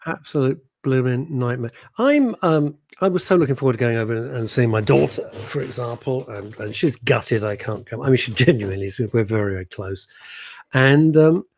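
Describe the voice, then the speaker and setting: A man's voice: medium pitch, animated, moderate pace, darkish tone. A man hosting a radio show, blunt and jokey as he reads out listener messages. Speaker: radio host. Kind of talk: casual radio chat.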